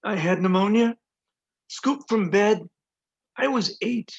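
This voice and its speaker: A man in his sixties reading his own poems slowly and deliberately at a virtual book launch. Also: high-pitched, husky. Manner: slow, deliberate recitation. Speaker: poet reading his work. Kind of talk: poetry reading. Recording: dull lo-fi video call audio.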